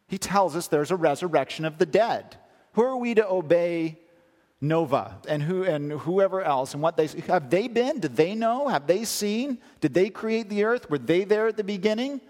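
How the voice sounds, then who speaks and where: A male pastor preaching a sermon, reading scripture aloud and asking emphatic rhetorical questions. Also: high-pitched. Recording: long hall reverb.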